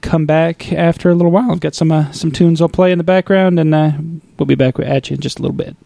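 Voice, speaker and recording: A man's voice: on the high side, steady tone, fast talker, vocal fry, dark tone, no echo. A man co-hosting a casual podcast, joking around and announcing a short break in a laid-back way. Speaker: podcast co-host. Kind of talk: casual chat.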